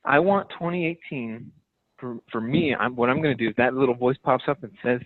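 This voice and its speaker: A man's voice: medium pitch, lively intonation, a little fast, no echo. Man coaching his team over a tinny phone line. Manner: emphatic, direct, repeats key phrases. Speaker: team leader on a sales team call. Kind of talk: motivational coaching talk.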